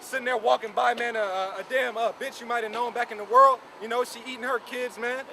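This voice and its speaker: High-voiced emphatic street preacher man. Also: fairly even intonation, fast, creaky, bright, forceful tone. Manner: emphatic, repeats "man" and "you know". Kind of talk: outdoor street preaching, commentary on scripture. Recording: outdoor street with crowd noise.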